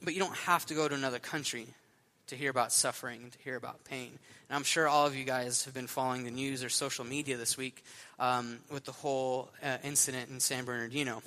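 A young man preaching a sermon, telling stories in a casual, animated way with lots of fillers. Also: mid-range voice, fast talker. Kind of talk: sermon storytelling.

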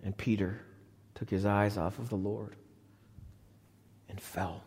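A male pastor preaching a live sermon in a church, swinging from loud, high appeals to hushed, low lines. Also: flat delivery, slow pace. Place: church sanctuary. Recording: long reverb of a church hall.

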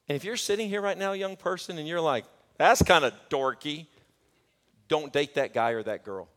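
A male pastor preaching a sermon, swinging from shouted peaks to joking, chatty asides. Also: mid-range voice. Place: church sanctuary. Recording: long church hall reverb.

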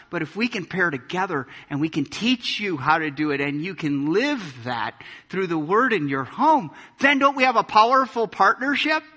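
A man preaching to his congregation with a bright, forceful voice pitched a little high. He presses his points with rhetorical questions. The sound carries a long reverb, as in a big hall. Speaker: pastor. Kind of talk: sermon. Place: church sanctuary.

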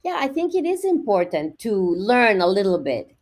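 Woman explaining at a measured pace. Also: medium pitch, sing-song, a little mellow. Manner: measured, explanatory, with repeated restarts. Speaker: education researcher guest. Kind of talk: podcast interview, explaining.

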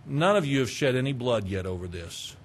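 A middle-aged male pastor preaching a sermon, animated, swinging between loud urging and quiet asides. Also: fairly low pitch, fairly quick.

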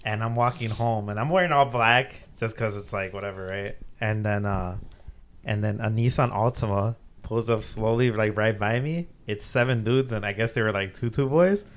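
A man's voice: on the low side, moderate pace. Laid-back man telling a story. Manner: laid-back, swears a lot, laughs through the story. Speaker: podcast host. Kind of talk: casual storytelling.

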